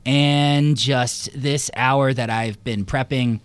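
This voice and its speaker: A man's voice: medium pitch, takes it slowly, clear, resonant tone, no echo. A man, a stand-up comedian, chatting playfully as a guest on a college radio show and hyping his upcoming set. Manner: animated, joking, hyping the show. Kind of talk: playful radio interview chat. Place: radio studio.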